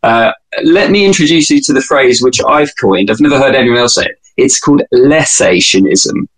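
Husky-voiced British man, wry and chatty. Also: mid-range voice, expressive, a little fast, fairly bright tone, poor audio. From United Kingdom. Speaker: podcast guest. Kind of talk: casual conversational interview.

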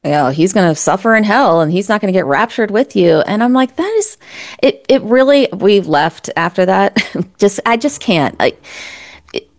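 A woman's voice: medium pitch, animated, moderate pace. A woman speaking as an interview guest, telling her story in a candid, earnest and reflective way, often restarting her sentences.

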